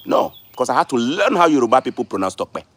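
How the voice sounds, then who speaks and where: A man's voice: mid-range voice, big pitch swings, quick pace, fairly bright tone. A man, hosting a casual livestream and lecturing his viewers, repeating words for stress. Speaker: livestream host.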